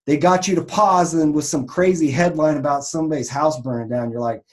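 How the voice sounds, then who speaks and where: A man's voice: a little high, fairly even intonation, a little fast. Rambling man teaching marketing casually. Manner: rambling, conversational, many restarts and fillers. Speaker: online marketer in the raw vegan health business.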